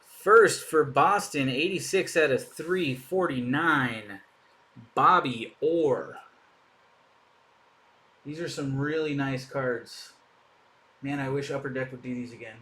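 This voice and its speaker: A man's voice: medium pitch, takes it slowly, pauses often, pushed and bright. A man hosting a live card break, chatting in an upbeat way as he opens packs and thinks aloud. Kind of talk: casual live commentary while opening packs.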